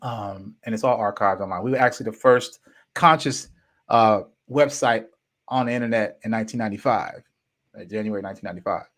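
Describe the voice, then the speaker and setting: Animated man in his fifties telling a story. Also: on the low side, fairly quick. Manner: animated and emphatic, casual slang. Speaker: podcast host. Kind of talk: personal storytelling.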